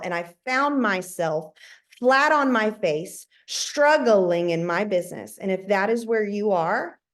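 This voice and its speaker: A woman in her thirties giving an emphatic motivational talk to her team, often repeating words for emphasis. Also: mid-range voice. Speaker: network marketing team leader.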